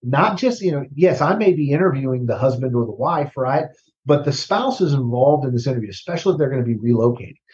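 A man speaks as a recruiting guest in a relaxed interview, his voice sitting at an ordinary pitch. He talks conversationally, doubling back on words and checking in with the listener. The recording sounds somewhat dull and lo-fi. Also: fast talker. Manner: conversational, repeats words, tags "right?". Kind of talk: casual interview storytelling.

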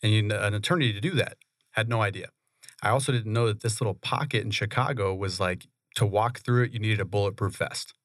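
A man, a real estate investor, telling his story in a relaxed, conversational way in a radio studio. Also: on the low side, brisk, dry recording. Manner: relaxed, conversational, laughs often. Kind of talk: interview storytelling.

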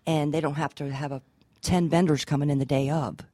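Low-voiced woman with many ums. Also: fairly even intonation, a little fast, dark tone, no room sound. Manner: hesitant, many ums, businesslike. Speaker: event rental business guest. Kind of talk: radio interview chat. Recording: dry studio mic.

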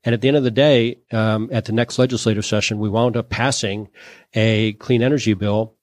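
A man's voice: lowish voice, fairly even intonation, brisk, dry recording. A man from Louisiana, a guest on an interview show, telling his business story in a chatty, anecdotal way with many "you know"s and "um"s. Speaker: guest, solar entrepreneur.

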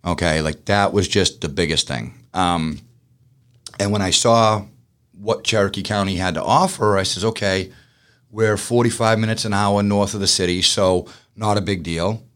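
A man's voice: low voice, moderate pace, fairly bright tone. Chatty man. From Boston. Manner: chatty and self-mocking, many restarts. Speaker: business owner. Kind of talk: casual interview storytelling.

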